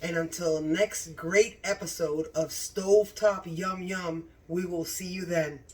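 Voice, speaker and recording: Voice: mid-range voice, fairly even intonation, unhurried, recorded from a distance. A home cooking channel host in a casual cooking vlog, gushing with enthusiasm about the food, recorded in a home kitchen.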